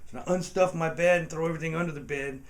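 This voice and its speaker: A man tells a comic story in a casual, profane way, laughing as he goes. He acts out the other voices in the tale, and his voice sits a little high. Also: fairly even intonation, racing.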